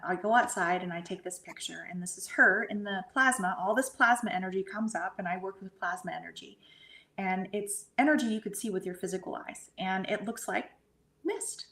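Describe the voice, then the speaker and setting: A middle-aged woman telling a personal story as a guest, halting and often sinking to a soft whisper. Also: fairly low pitch. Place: at home. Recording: roomy echo.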